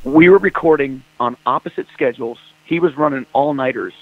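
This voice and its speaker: This rock singer's voice sits in the mid-range and moves a little fast, with no echo. Chatting casually in an interview, he tells stories and performs phone calls in quoted voices, heard through a dry, tinny phone line.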